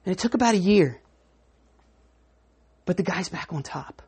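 A woman preaching a sermon with an object lesson, lively and acting out the voices of a crowd. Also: lowish voice, normal speed, long pauses, husky. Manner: animated, acts out crowd voices.

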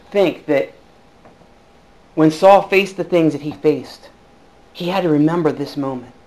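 A man. He is earnest, dropping to near-hushed tones before rising into emphatic bursts. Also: on the high side, low-quality recording. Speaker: pastor. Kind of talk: sermon.

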